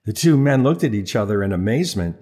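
A man's voice: fairly low pitch, lively intonation, quick pace, darkish tone. A man narrating an audiobook in a wry, playful storytelling manner. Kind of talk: scripted narration.

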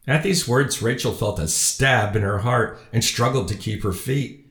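A man narrating an audiobook in a measured, even storytelling manner. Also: mid-range voice. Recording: roomy echo.

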